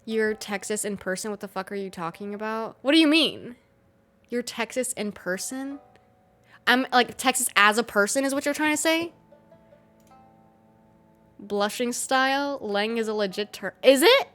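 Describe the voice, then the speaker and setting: A woman's voice: a little high, lively intonation, normal speed, pauses often, a bit bright, faint music behind. A young American woman streaming, chatting casually with her live chat, laughing often and swearing freely.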